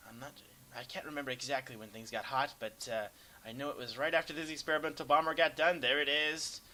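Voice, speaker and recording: A young man casually commenting over a replay of a strategy game, rambling and self-deprecating, sometimes breaking into excited yelps. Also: mid-range voice, fast talker, poor audio. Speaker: gameplay commentator.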